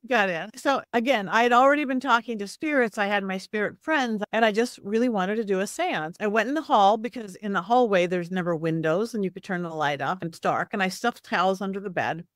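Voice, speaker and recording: A woman psychic medium guest telling lively stories in a casual interview, often acting out the voices of people she quotes. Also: medium pitch, no room sound, clean studio sound. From Southern California. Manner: animated, acts out quoted voices, quick asides.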